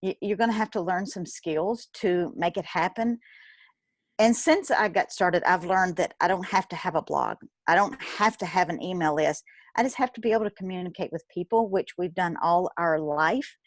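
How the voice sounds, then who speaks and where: Woman, 50s, interview guest, animated storytelling, dry close sound. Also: lowish voice, normal speed, no echo. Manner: animated, acts out quoted dialogue, laughs often. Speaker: guest, retired nurse turned business owner.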